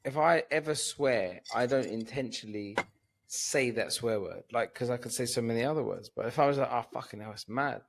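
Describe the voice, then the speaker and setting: A man's voice: mid-range voice, brisk. A man chatting on a podcast as a comedian guest, tipsy and sleepy, rambling and swearing freely. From Cyprus. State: drunk and sleepy. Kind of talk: casual podcast chat.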